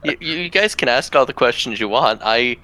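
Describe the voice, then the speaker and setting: A man playing a tabletop game, chatting casually with quick, short quips. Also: mid-range voice, expressive, sharp tone, no echo, rough recording. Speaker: player.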